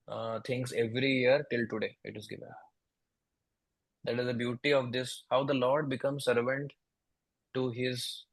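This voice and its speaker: In a rough recording, a man speaking Indian English preaches with a mid-range voice touched by vocal fry. He relates a devotional tale slowly, acts out the dialogue in small character voices, and repeats his words along the way.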